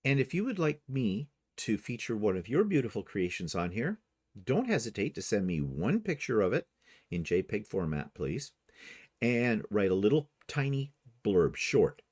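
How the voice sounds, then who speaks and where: A middle-aged man hosting a casual quilting show. His voice sits low but moves a lot, with animated rises and falls. He talks in a chatty, meandering way and stops to correct himself. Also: moderate pace, breathy edge. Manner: chatty, rambling, self-correcting. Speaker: host. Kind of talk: casual chat.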